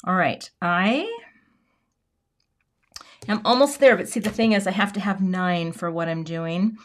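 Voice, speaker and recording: An American woman hosts a live card-making stream, chatting casually and greeting viewers by name while she works. Her voice sits on the low side and moves at a measured pace.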